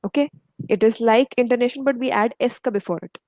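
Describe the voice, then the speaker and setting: A woman's voice: a little high, fast, darkish tone, no echo, poor audio. A woman teaching French grammar in a patient, step-by-step way, often checking in with "okay". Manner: patient, explains step by step with frequent okays. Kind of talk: online language lesson.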